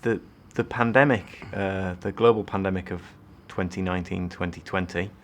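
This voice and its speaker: A man's voice: low-pitched, fairly even intonation, normal speed, a little hiss or hum. A man interviewing a guest, hesitantly repeating words as he forms his questions. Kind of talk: interview conversation.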